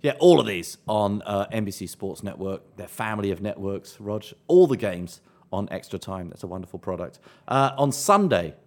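A middle-aged man from South East London, with that area's English accent, co-hosting a podcast in a brisk, playful way and reading listings and plugs like an announcer. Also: fairly low pitch, animated. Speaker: podcast co-host. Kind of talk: casual chat and show segments.

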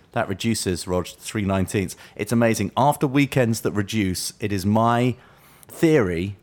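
A man co-hosting a football podcast, talking in a playful, mock-grand way with frequent asides. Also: on the low side. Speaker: podcast co-host. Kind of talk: comedic football podcast chat.

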